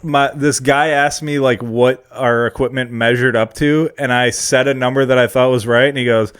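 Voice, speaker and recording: A man's voice: mid-range voice, steady tone, moderate pace, a bit bright, smooth. A young man chatting casually on a podcast, joking, laughing often and swearing casually. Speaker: podcast co-host. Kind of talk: casual chat.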